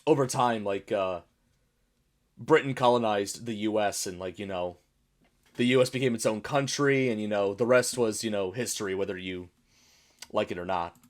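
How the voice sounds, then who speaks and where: A man's voice: on the low side, normal speed. Chatty man rambling. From United States. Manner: rambling, chatty explanations with frequent laughs. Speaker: YouTube reaction host. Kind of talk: casual reaction commentary.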